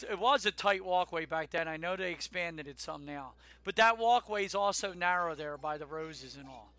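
A middle-aged man co-hosting a casual chat show, talking in an animated, emphatic rant. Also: sits high. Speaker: podcast co-host.

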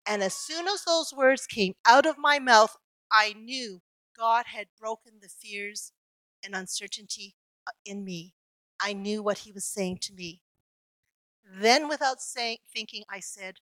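A woman preaching a sermon, telling a personal story in an earnest, reflective way with slow emphatic pauses. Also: mid-range voice, pushed and bright, no room sound, rough recording.

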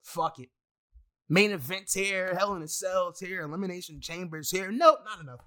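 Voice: mid-range voice, moderate pace, bright, forceful tone. A wrestling fan in a casual, profane rant full of exasperated asides and heavy swearing.

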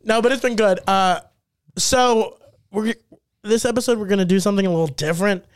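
High-voiced man telling a rambling comic story. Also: brisk, smooth, no room sound, studio quality. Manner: rambling storyteller, laughs often, acts out quotes. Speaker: podcast co-host and stand-up comedian. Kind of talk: casual comedic podcast chat.

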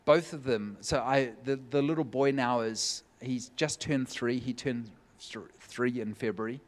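A man preaching a sermon, telling a personal story in a lively way and acting out the voices of the people in it, at a church meeting. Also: mid-range voice, unhurried. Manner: lively, acts out quoted voices. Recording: long hall reverb.

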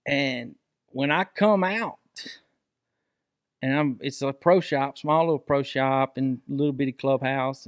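A middle-aged man, co-hosting a podcast, easygoing and quick to agree with his partner. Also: mid-range voice, no room sound. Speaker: podcast co-host. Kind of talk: casual storytelling chat.

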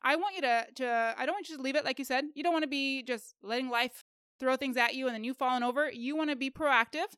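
A woman's voice: sits high, fast, a bit bright, clean tone, dry recording, clean studio sound. A woman co-hosting a faith-based self-help podcast, talking to listeners in a direct, upbeat and encouraging way. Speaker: podcast co-host.

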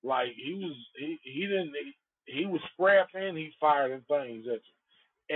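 A man's voice: a little high, measured pace, breathy edge. Male podcast host, loose and profane, tells stories animatedly; lo-fi phone-quality audio. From Antioch. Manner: profane, rambling, animated storyteller. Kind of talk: casual storytelling.

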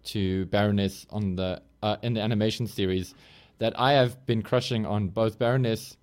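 A man's voice: on the low side, fairly even intonation, moderate pace, darkish tone, smooth. A man co-hosting a podcast, chatting casually in an enthusiastic, rambling way. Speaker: podcast co-host. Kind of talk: casual chat.

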